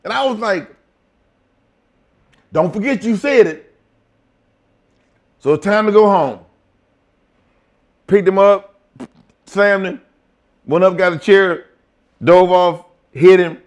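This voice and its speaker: A man's voice: sits high, slow pace, long pauses, lo-fi sound. An older retired wrestler telling blunt, profane stories in an interview and acting out the lines of the people he quotes.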